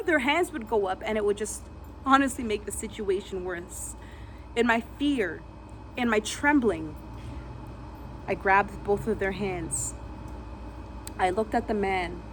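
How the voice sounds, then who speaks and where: Woman telling a gripping story, slightly high. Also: normal speed, a little hiss or hum. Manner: vivid, re-enacts sounds and gasps. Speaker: vlogger. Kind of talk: dramatic personal storytelling.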